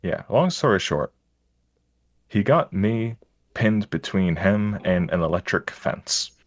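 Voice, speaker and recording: A man's voice: on the low side, animated, slow pace, no echo, clean studio sound. A man, a stream guest, telling stories in casual chat, rambling and self-mocking with frequent restarts.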